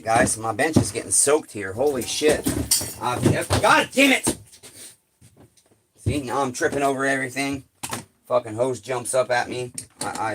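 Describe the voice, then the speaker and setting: A man's voice: on the low side, background noise. Exasperated swearing man in a workshop. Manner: talks to viewers while working. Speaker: chainsaw repair streamer. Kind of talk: live workshop commentary. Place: home workshop shed.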